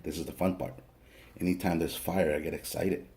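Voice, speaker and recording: A man's voice: extremely low pitch, steady tone, a little fast, creaky, darkish tone, slight background noise. A man teaching a spiritual ritual in a casual, joking, chatty way, swearing now and then. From family from El Salvador. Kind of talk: casual spoken tutorial.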